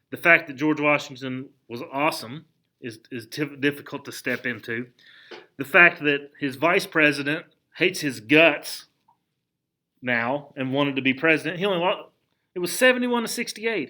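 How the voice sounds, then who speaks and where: A man teaching a history class in a lively, conversational lecture, often putting rhetorical questions to the students. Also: on the high side. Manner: conversational, frequent restarts.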